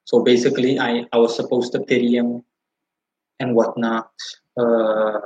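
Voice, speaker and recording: A man's voice: medium pitch, a little slow. A man telling a long story to his livestream viewers, rambling, cursing and restarting as he goes. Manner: rambling, profane, animated retelling. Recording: roomy, slightly dull sound.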